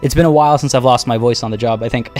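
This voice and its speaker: A man's voice: medium pitch, fairly even intonation, very fast, a little mellow, faint music behind. A man giving live commentary on a strategy game, thinking aloud and chatting with his viewers while losing his voice. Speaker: game streamer.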